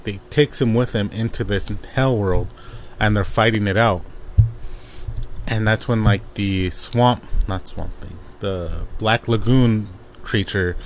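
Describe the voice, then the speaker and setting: A man's voice: on the low side, a little hiss or hum. A man casually recapping a comic book plot, rambling with lots of fillers and restarts.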